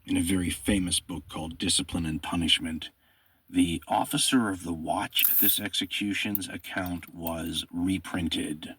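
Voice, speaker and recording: A man's voice: deep voice, steady tone, unhurried, fairly bright tone, slightly rough. A man narrating history, reading primary sources aloud with commentary and quoting in a dramatic, rising voice.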